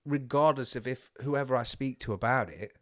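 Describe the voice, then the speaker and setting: A man's voice: mid-range voice, normal speed, dry recording, clean studio sound. A man, a podcast guest talking in a casual, rambling way with many restarts. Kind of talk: casual chat. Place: indoors on a converted bus.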